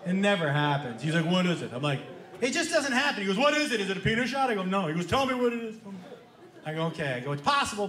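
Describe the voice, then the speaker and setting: A man doing stand-up comedy, telling an animated story and playing both sides of the dialogue. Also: high-pitched, slight background noise. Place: comedy club stage with live audience. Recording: live club room echo with crowd laughter.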